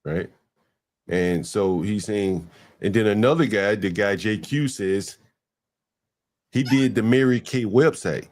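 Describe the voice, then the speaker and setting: A man's voice: lowish voice, takes it slowly, long pauses, darkish tone. A man hosting a casual livestream chat, talking emphatically and repeating words to stress his point. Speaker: livestream host.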